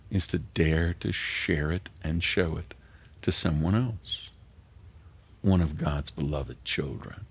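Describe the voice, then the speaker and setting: Low-pitched with vocal fry and a slightly rough texture, an older man preaches a sermon as pastor. His manner is earnest and emotional, and he sinks into a whisper at tender moments.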